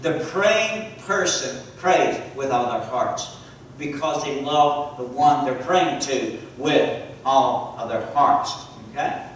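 A man preaching a sermon to a congregation, often pausing to ask the listeners questions and repeating key words. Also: medium pitch, slight background noise. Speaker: preacher and teacher. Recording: echoey hall from far off.

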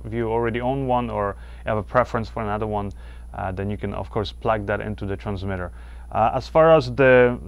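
A man's voice: fairly low pitch, clean tone. Man reviewing gear on a clip-on lav. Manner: explanatory, lots of uh fillers and restarts. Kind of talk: casual product review. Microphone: wireless lavalier clipped to shirt.

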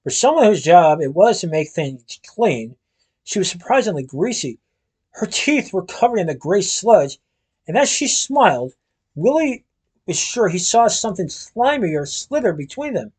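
A man's voice: fairly high pitch, a little mellow, husky. A man reading a storybook aloud expressively, stumbling over words now and then. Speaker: reader. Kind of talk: storybook read-aloud narration.

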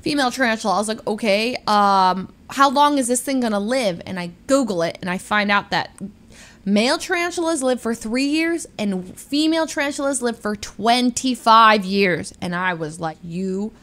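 A young woman streamer telling a story to her chat in a casual, animated way, with lots of restarts and quick jumps into high-pitched quoted voices.

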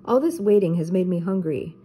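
A woman's voice: on the low side, expressive, brisk, warm tone, slightly rough. A woman voicing a scared, hungry young man who starts his lines with "like", read from a children's book. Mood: jittery.

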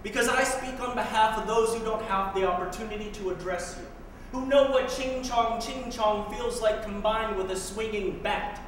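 A man's voice: sits high, fairly even intonation, moderate pace, few pauses, a bit bright. Guy doing spoken word poetry live, wry and pointed, echoey hall from far away, faint hiss. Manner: wry, pointed, with sarcastic asides. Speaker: poet. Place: live performance room.

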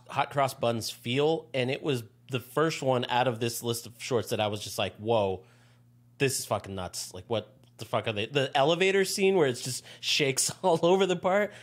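A man talks easily on a podcast, pausing often with fillers. When something excites him he swears. His pitch is ordinary, in the middle. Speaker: podcast co-host. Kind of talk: casual chat.

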